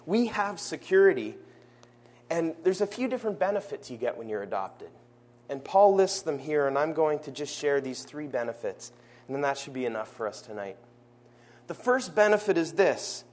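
Male preacher, fairly high voice, earnest sermon delivery that slows for emphasis at a church service. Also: sing-song, darkish tone. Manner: earnest, slows down to stress key phrases.

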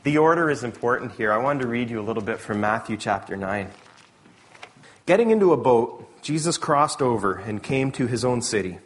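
A man preaching a sermon in a conversational, animated way, correcting himself with quick asides. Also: mid-range voice. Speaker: pastor.

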